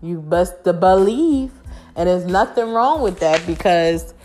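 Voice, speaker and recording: A woman's voice: mid-range voice, lively intonation, unhurried, soft background music. Frank, emphatic woman vlogger. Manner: frank, emphatic, swears freely, keeps asking "you know?". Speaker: vlogger giving dating advice. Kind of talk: casual monologue to camera.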